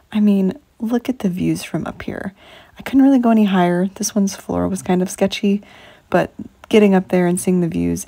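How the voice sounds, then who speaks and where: Woman from north carolina, low gravelly voice-over, mellow tone, looks back fondly. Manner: reflective, fond recollection. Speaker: vlogger narrating a hike. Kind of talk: scripted voice-over narration.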